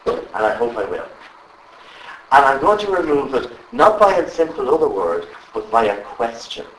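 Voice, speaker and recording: A man leading a live workshop, animated and constantly asking the group questions. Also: mid-range voice, normal speed, distant mic. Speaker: trainer. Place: training room with live audience. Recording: echoey room with faint ambience.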